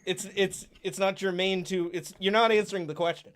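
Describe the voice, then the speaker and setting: A man's voice: high-pitched, steady tone, a little fast, fairly bright tone, smooth. A man co-hosting a casual political podcast, reading out news quotes and chatting. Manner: reads out news quotes, conversational. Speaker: podcast co-host.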